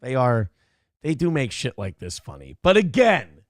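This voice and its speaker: In his thirties, this livestream host chats casually with viewers, reads out donation messages, and laughs and banters often. His medium-pitched voice swings hugely in pitch at a normal speed. The studio sound is clean and dry.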